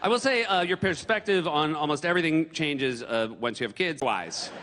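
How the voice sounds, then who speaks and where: A middle-aged American man performing a stand-up comedy set on a large stage, animated and bursting into loud, exaggerated outbursts. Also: on the high side, moderate pace. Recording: long hall reverb, audience noise.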